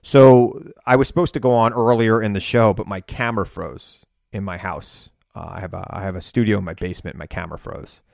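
A man hosting his own podcast, telling a story in a casual, animated way, sometimes yelling for effect. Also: lowish voice, brisk, vocal fry, few pauses, no room sound, clean studio sound. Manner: animated storytelling, bursts of yelling when reenacting. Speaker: podcast host and political commentator. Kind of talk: casual solo podcast monologue. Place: home basement studio.

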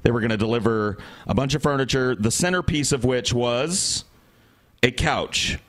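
A man's voice: mid-range voice, normal speed, fairly bright tone. A man on a podcast telling a rambling, exasperated story in casual chat, acting out the people he quotes. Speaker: podcast co-host.

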